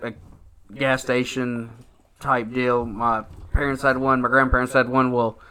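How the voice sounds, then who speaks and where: In an unhurried, medium-pitched voice that barely rises or falls, a man co-hosts a podcast with a sharp, clean tone. He spins a meandering story in easygoing talk, cursing heavily and leaning on "like" and "you know."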